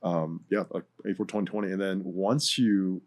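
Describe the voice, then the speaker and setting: A man's voice: low-pitched, fairly even intonation, normal speed. A man as a guest in a casual discussion, rambling and hesitant, full of fillers like "like" and "right".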